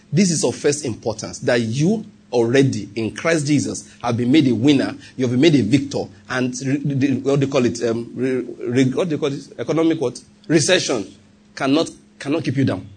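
A man with a Nigerian accent preaching a sermon as pastor, animated and humorous, asking the congregation rhetorical questions. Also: mid-range voice, a little fast, breathy edge.

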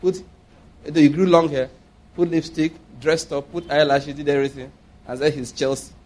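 A man's voice: fairly high pitch, flat delivery, moderate pace, a little mellow. A man preaching a sermon, emphatic and often asking his listeners rhetorical questions.

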